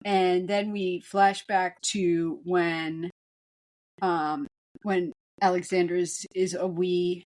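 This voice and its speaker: A woman's voice: lowish voice, steady tone, takes it slowly, a little mellow. A woman co-hosting a film podcast, joking and rambling with frequent restarts in casual chat. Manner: jokey, rambling, many restarts. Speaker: podcast co-host.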